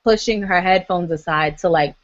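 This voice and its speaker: A woman's voice: fairly low pitch, normal speed, no room sound. A woman co-hosting a casual podcast talks bluntly and fills every gap with filler words. The recording is dry and a little dull. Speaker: podcast co-host. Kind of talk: casual drunk chat.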